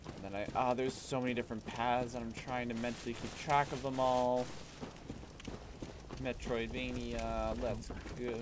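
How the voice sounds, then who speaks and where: A man streaming a video game, reacting loudly and swearing at enemies while he plays. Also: medium pitch, normal speed, background noise. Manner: excitable, swears and shouts at enemies. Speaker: gaming streamer. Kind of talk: live gameplay commentary.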